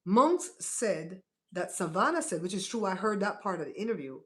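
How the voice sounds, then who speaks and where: A woman's voice: mid-range voice, sing-song, normal speed. A woman hosting a casual live stream, chatting to her viewers and often checking in with "right?". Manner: chatty, talks straight to her chat with many "right?" asides.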